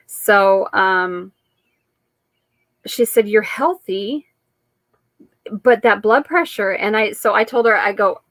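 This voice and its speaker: A woman's voice: medium pitch, slow, long pauses, fairly bright tone, no room sound. A woman hosting her weekly live-stream chat, talking in a rambling, chatty way with frequent laughs.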